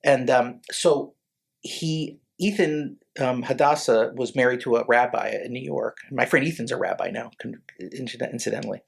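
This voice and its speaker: A man in his forties, a lawyer and podcast guest, telling personal stories in a casual, halting way with many restarts. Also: mid-range voice, creaky, slightly rough. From Connecticut, USA. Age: 40s. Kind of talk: casual storytelling interview.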